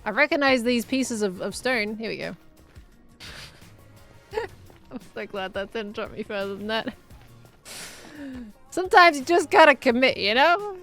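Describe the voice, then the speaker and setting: A woman's voice: fairly high pitch, animated, unhurried, pauses often, fairly bright tone, soft background music. A young adult woman streaming a game, chatting in a rambling, giggly way as she plays. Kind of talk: rambling live gameplay chat.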